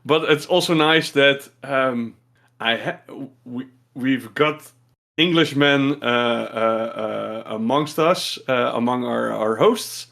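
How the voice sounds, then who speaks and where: A man hosting a podcast, halting and laughing easily, with lots of "uh" and restarts. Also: mid-range voice, vocal fry, fairly bright tone. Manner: hesitant, laughs often, many "uh" and restarts. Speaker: podcast host. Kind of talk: casual chat.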